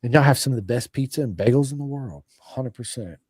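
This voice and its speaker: A man's voice: medium pitch, lively intonation, fast, darkish tone, husky, no echo. A man hosting a podcast, joking and easygoing in casual slangy chat. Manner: laid-back, joking, slangy. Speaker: podcast host.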